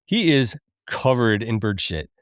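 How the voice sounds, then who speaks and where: A man's voice: lowish voice, animated, unhurried, clean tone, dry recording. Man casually recapping a film, dry sound. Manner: chatty, laughs often, openly emotional. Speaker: podcast host.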